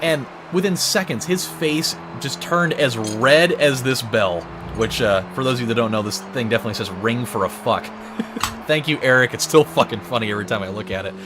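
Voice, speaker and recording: A man's voice: medium pitch, brisk, noisy background. A young man hosting a gaming video, telling a story in a casual, profane, rambling way and laughing at his own jokes. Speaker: gaming channel host. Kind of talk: casual storytelling over gameplay. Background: game music and car engines.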